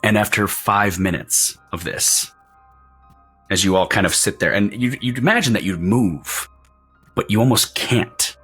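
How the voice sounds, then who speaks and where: A man with a low voice narrates as game master for a tabletop game, painting eerie scenes and restarting his sentences as he goes. His tone is bright and forceful, with a husky edge. Faint music plays behind him. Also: unhurried. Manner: animated descriptive narration with frequent restarts.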